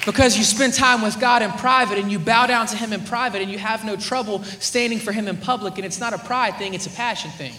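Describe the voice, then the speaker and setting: High, bright-voiced young male preacher. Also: brisk, hardly any pauses, a little hiss or hum. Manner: animated, swings from loud to hushed. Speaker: youth preacher. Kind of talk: sermon with storytelling. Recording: echoey room, faint ambience.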